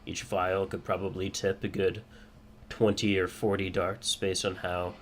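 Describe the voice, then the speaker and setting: A man doing a gruff thieves'-guild guard: low, plain, businesslike, slight background noise. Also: level tone, measured pace, fairly bright tone. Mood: matter-of-fact. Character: gruff armored male thief-guild guard.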